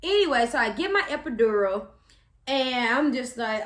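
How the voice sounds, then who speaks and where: A young woman, telling a story to camera in a chatty, animated way, with slang and acted-out quotes. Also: fairly high pitch, moderate pace, reverberant. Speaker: vlogger.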